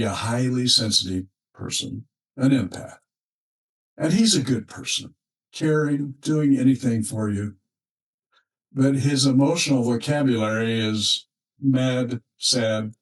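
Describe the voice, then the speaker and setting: A male relationship counselor delivers a reflective monologue at an unhurried, measured pace, pausing thoughtfully between phrases. His voice sits in an ordinary middle pitch. The microphone is set some distance away, so he sounds slightly removed. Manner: slow, measured, with thoughtful pauses.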